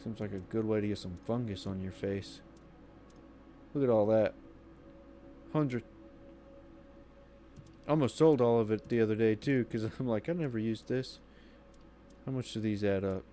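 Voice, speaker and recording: Low-voiced man rambling over gameplay. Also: moderate pace, long pauses, dark tone, slight background noise. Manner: rambling, talking to himself. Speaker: gaming streamer. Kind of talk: casual gameplay commentary.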